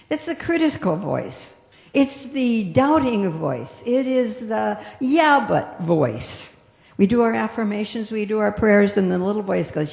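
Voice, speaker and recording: A woman minister giving a gentle, reflective sermon that slows down on its key phrases. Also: medium pitch, lively intonation, creaky. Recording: echoey hall with long reverb.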